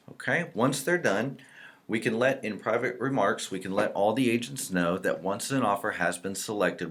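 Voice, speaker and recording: Male trainer, deep voice, easygoing tutorial delivery at a desk mic. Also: slight background noise. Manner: relaxed, explanatory, types out example entries as he talks. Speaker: real estate software trainer. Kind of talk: screen-recorded software tutorial.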